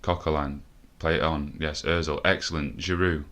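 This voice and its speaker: Deep-voiced breathless man commentating a game. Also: normal speed, hardly any pauses. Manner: swears a lot, shouts when excited. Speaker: gaming commentator. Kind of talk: live video game commentary.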